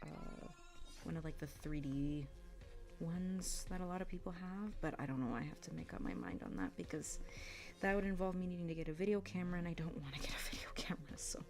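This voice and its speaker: A soft-spoken woman chatting casually as she draws, often murmuring half to herself. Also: lowish voice, brisk. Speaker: artist streamer. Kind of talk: casual chat while drawing. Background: background music.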